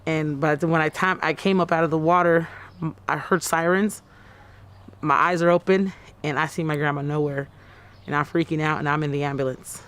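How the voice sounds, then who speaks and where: A woman in her thirties tells her own story to a news interviewer, stumbling and repeating herself as she acts out what she said. Her voice is smooth and clear. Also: low-pitched, fairly even intonation, fairly bright tone. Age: 30s. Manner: halting and repetitive, often acting out her own quoted words. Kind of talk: personal account in a news interview.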